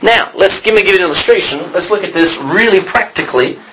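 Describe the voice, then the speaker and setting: A man teaching a sermon in a conversational way, often pausing to correct himself and clear his throat. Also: high voice, animated, heavy background noise. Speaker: preacher.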